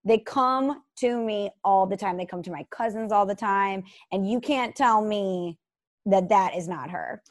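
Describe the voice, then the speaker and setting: An earnest woman in her thirties, chatting casually as a co-host. She tells her stories in an animated, heartfelt way, with a voice of middling pitch. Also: measured pace. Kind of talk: casual chat.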